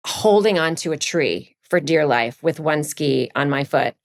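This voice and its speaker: A middle-aged woman from Virginia, a podcast guest, chatting casually and telling animated stories, leaping up in pitch for quoted lines. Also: a little slow, few pauses. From Virginia, USA. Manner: animated storyteller, jumps high for quoted lines. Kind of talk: casual chat.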